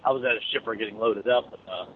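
A man's voice: lowish voice, rapid-fire, a little hiss or hum. A man who drives a truck, calling in and talking casually in a rambling way with many restarts, heard over a phone line. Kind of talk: casual chat.

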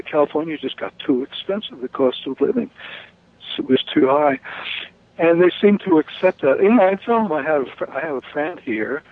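Halting man on a tinny phone line. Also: on the high side, vocal fry. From New York. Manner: halting, many restarts, chuckles. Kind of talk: casual phone-in chat. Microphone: telephone.

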